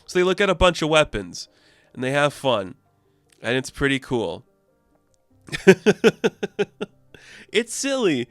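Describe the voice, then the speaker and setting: A man's voice: mid-range voice, big pitch swings, slow, pauses often, fairly bright tone, no room sound, faint music behind. A young man casually recapping a comic book issue, rambling with fillers and laughs.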